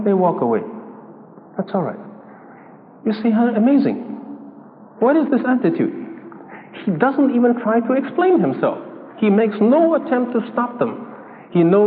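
High-voiced preacher in a tinny hall. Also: male voice, slight background noise. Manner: deliberate, repeats phrases, voices mock quotes. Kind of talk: sermon. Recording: tinny phone-like sound in a reverberant hall.

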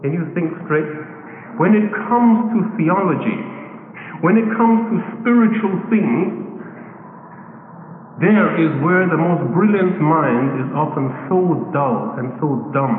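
A man's voice: high voice, slight background noise. A man preaching a sermon, pressing his listeners with rhetorical, teasing questions. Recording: tinny, echoey hall recording.

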